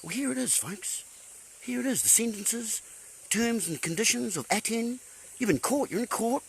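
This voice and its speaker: Husky man, high lively voice. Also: normal speed, rough recording. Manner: playful punning wordplay, rhetorical questions, sudden exclamations. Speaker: live-stream host. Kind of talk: rambling live-stream monologue.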